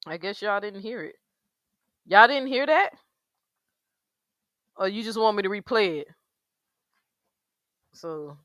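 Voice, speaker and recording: Black woman ranting on a stream, cussing, bright highish voice, dry close sound. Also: lively intonation, takes it slowly, pauses often, no echo. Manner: blunt, profane, emphatic, heavy slang. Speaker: commentary streamer. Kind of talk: outraged livestream commentary.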